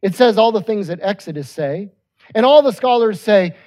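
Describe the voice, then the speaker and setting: Animated pastor with joking asides. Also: medium pitch, moderate pace. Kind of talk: sermon.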